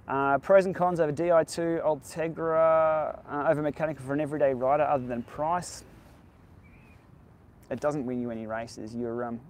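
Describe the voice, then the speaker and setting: A man's voice: mid-range voice, a little hiss or hum. A man hosting a casual live-stream Q&A outdoors by the beach, answering viewer questions in a candid, laid-back way. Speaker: cycling tech channel host.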